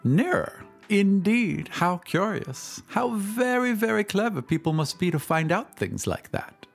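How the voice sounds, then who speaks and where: Guy doing a flirty society lady, way high and airy, fake-impressed, storybook reading. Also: big pitch swings, measured pace, creaky, faint music behind, full character voice. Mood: feigned interest. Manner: airy, mock-impressed, shallow. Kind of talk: audiobook character voice.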